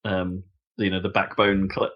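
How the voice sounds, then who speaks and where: A man's voice: low voice, flat delivery, normal speed, dull audio. Chatty man, laughs a lot. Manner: chatty storyteller, laughs often, trails off and restarts. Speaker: podcast co-host. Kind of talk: casual chat.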